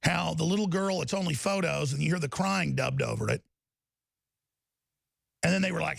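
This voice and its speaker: A man's voice: on the high side, moderate pace, gravelly, long pauses, no echo. A man hosting a talk show, delivering heated, emphatic political commentary and repeating words as he gets riled up.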